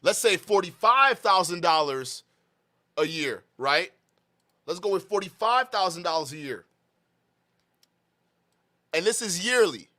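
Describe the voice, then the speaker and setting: A man's voice: high voice, animated, a little slow, long pauses, bright, forceful tone. A man in his twenties doing mocking reaction commentary, laughing often. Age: 20s.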